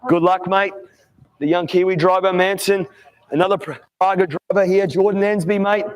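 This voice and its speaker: Interviewing young drivers on the grid during a night kart race, a high-pitched announcer speaks at normal speed with fairly even intonation. His manner is chummy and upbeat, and everyone gets called mate.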